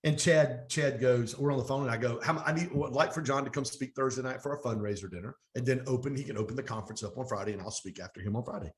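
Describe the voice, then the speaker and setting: Energetic middle-aged man telling stories. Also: mid-range voice. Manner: energetic, fast storytelling with animated quoted dialogue. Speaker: podcast guest, coach. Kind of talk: storytelling interview.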